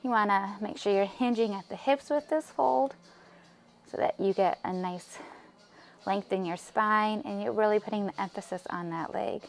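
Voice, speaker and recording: A woman leading a yoga class, giving calm, encouraging cues with soft breathy asides. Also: mid-range voice, moderate pace. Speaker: yoga instructor. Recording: music playing faintly behind.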